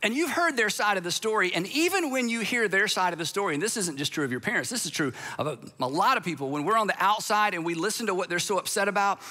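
A man delivers a sermon-style talk in a high, bright voice. He is emphatic and conversational, and he drops sarcastic asides as he speaks. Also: lively intonation, quick pace, few pauses.

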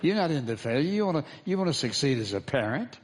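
A man's voice: on the high side, sing-song, quick pace. A man as pastor, preaching a sermon, calling for responses from the congregation and repeating key phrases for emphasis.

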